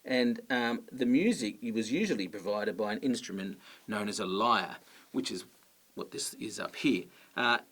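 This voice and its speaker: A man, explaining poetry in a relaxed, friendly teaching style with casual fillers. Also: on the low side, normal speed. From Australia. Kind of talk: educational explainer.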